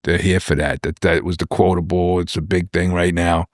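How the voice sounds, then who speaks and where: A man's voice: low-pitched, little pitch movement, normal speed, no room sound, studio quality. A man in his forties, a rapper guest telling rambling personal stories in a casual interview, repeating words and acting out what people said.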